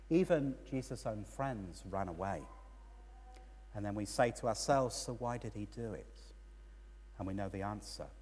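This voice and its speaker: A man's voice: lowish voice, a little mellow, slight background noise. A man giving a sermon as a priest, telling a story with rising and falling emphasis. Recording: long church reverb.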